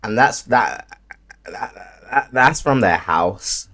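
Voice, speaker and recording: A man in casual chat, reacting to a story in an expressive, slangy way. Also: fairly low pitch, slow.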